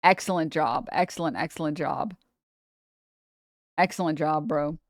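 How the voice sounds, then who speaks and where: A woman's voice: low-pitched, a little slow, dry recording. Irreverent young woman streamer, dry sound. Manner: irreverent, profane banter with slang. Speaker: streamer host. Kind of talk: casual live-stream chat.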